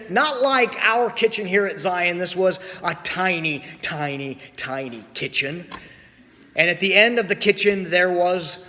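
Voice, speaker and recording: A male pastor preaches in a slow, measured way, his fairly high, bright voice carrying through a church with long reverb. He tells stories and pauses often between phrases. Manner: storytelling with acted quotes, slow pauses. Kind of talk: sermon. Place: church sanctuary.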